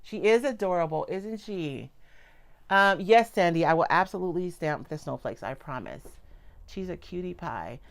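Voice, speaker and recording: A woman's voice: lowish voice, lively intonation, normal speed. A middle-aged woman chatting casually through a live craft demo at her home table, rambling and cutting herself off. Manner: chatty, rambling, self-interrupting. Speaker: craft product demonstrator.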